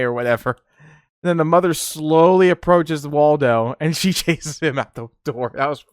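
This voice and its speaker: A man's voice: a little high, moderate pace, no echo, studio quality. A man hosting a podcast, rambling in casual chat with frequent laughs and fillers. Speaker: podcast host.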